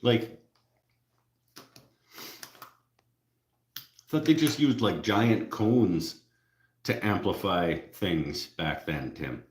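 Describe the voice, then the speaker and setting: A man's voice: sits low, animated, very slow, long pauses, roomy sound. A Canadian man with a Canadian accent, hosting a casual live stream, joking with viewers and laughing at his own jokes. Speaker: livestream host.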